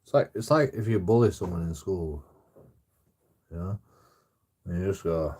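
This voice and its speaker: Man, low voice, mellow dark tone, swears a lot, repeats himself. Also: normal speed, pauses often. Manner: repetitive, swears constantly, stammering restarts. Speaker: streamer. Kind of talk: casual rambling chat.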